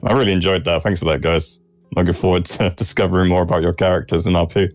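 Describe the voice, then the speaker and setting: A man with a Southern English accent chats easily with his fellow players, his voice sitting very low. He talks in quick bursts and laughs often. Faint music plays somewhere behind him. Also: steady tone, no room sound. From Southeast England. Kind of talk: casual chat between game sessions.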